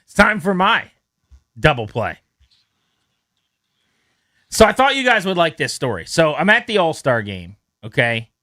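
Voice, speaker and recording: A man hosting a sports radio show, telling a story in a lively, animated way and acting out the quotes in it. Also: on the high side, unhurried, pauses often, no room sound, studio quality. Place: radio studio. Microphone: studio mic.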